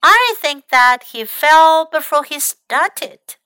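A woman's voice: high-pitched, animated, slow, sharp tone, dry recording, studio quality, voice pushed up, full character voice. A woman voicing a sensible storybook animal friend. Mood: matter-of-fact.

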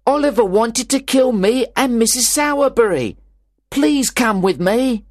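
A man voicing a big, jealous bully boy in a storybook reading, his voice pushed high and strained, bossy one moment and whining for help the next. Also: very animated, slow pace, no room sound, clean studio sound, exaggerated voice. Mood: panicked. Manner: shrill and pleading when hurt. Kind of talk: graded reader audiobook acting.

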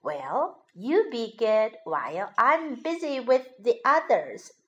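A woman voicing a gentle, busy mother rabbit in a children's storybook, speaking in a soft, fond, motherly way. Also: a little high, very animated, slow pace, dull audio.

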